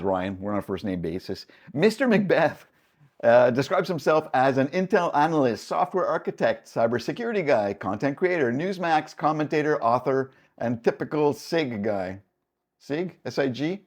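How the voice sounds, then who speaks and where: Man from Canada, reaction host, casual, friendly, self-deprecating, mid-pitched.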